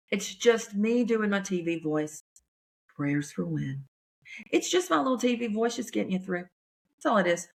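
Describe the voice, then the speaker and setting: Woman, comedian, casual chat, folksy, animated, mid pitch. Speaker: comedian and podcast host.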